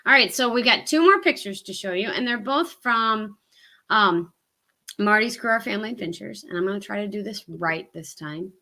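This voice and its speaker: A woman's voice: medium pitch, animated, moderate pace, bright, forceful tone. A woman with a Southern US accent co-hosting a hiking livestream, chatting casually and rambling with many ums. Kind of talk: casual live-stream chat.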